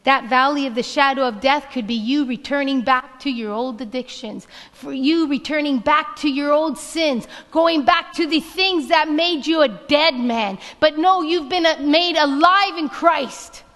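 A middle-aged woman pastor delivers a sermon in a high, unhurried voice, repeating scripture with emphasis. Her words ring through a reverberant church hall while a band plays softly behind her. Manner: reads scripture slowly and emphatically, repeating lines. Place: church sanctuary. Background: worship band music.

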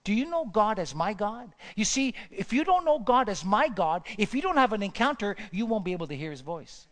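A man's voice: high-pitched, very animated, brisk, in a large hall. A male pastor preaching a sermon, repeating lines for emphasis and building to fervent peaks.

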